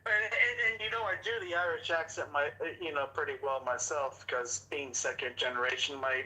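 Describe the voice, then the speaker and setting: A laid-back American man calls in to chat. His voice is very bright and pressed, and he laughs and swears easily. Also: fairly high pitch, fairly quick, hardly any pauses, low-quality recording. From United States. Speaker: caller. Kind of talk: casual chat.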